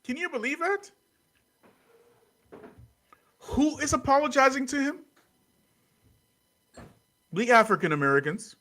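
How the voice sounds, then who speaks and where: A man's voice: very high voice, very animated, measured pace, long pauses, sharp tone. A man hosting a livestream commentary, scornful and repeating his points with rhetorical questions. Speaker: host.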